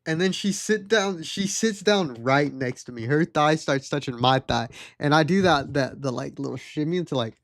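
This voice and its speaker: Young male streamer, animated storyteller, fairly high voice, dry close mic. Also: moderate pace, hardly any pauses, no room sound. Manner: animated, mimics the people he quotes. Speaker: livestreamer. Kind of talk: casual storytelling.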